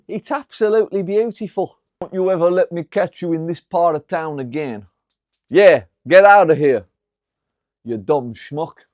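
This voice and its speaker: A man voicing a threatening male debt-collecting gangster in a put-on Italian-American accent, gruff and menacing. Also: high-pitched, a little mellow, dry recording, clean studio sound.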